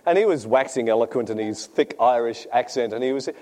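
A man's voice: medium pitch, a little fast, darkish tone. A man preaching a sermon, telling funny stories and often laughing at his own jokes. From Australia. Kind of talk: sermon with humorous anecdotes.

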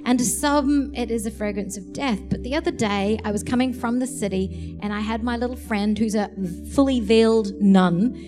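A woman preaching a sermon, telling lively stories and laughing as she acts out the people in them. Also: fairly high pitch. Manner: animated, laughing storyteller. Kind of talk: sermon storytelling.

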